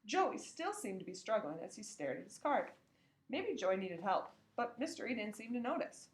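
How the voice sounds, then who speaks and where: A woman reading a children's book aloud, expressive and acting out the characters. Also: mid-range voice, normal speed. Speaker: reader. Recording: echoey room.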